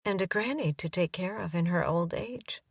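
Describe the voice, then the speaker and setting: A woman narrator voicing a passionate young woman, speaking softly and breathlessly. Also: fairly low pitch, normal speed, vocal fry, husky, no echo, studio quality, distant mic. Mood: intimate.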